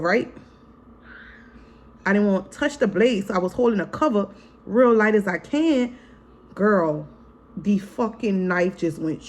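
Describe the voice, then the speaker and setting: A woman vlogger and mother telling a story in a casual vlog, frank and profane, chatting straight to her viewers. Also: mid-range voice. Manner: chatty, frank and profane, keeps calling to viewers as "y'all" and "girl"; re-enacts scenes vividly in the retelling.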